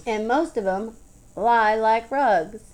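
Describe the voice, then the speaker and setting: A woman's voice: medium pitch, lively intonation, moderate pace, lightly acted. A woman doing a blunt, wry, tough woman.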